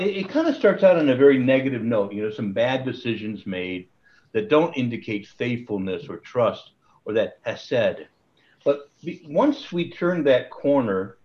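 Male Bible study leader on a video call, mid-pitched, rambly, chuckles often, dull audio. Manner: rambling, restarts, chuckles at his own jokes. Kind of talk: casual online Bible study teaching.

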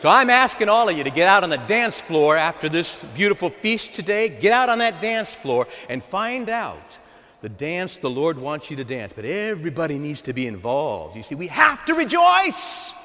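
Animated preaching man in echoey church. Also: a little high, moderate pace. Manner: animated preaching with call-and-response. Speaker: pastor. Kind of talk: sermon. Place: large church. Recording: echoey church hall with long reverb.

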